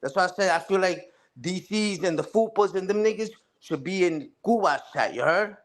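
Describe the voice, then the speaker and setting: At a moderate pace and in a high voice, a young streamer rants on a casual livestream, cursing and repeating himself as he trashes other streamers. "You heard?" and "respectfully" keep cropping up at the ends of his lines. He has Puerto Rican family on his mother's side.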